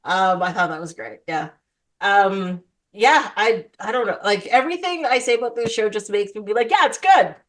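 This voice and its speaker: A woman's voice: medium pitch, moderate pace, a bit bright. A woman hosting a casual podcast, chatty and enthusiastic, with plenty of fillers. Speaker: podcast host. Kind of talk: casual chat.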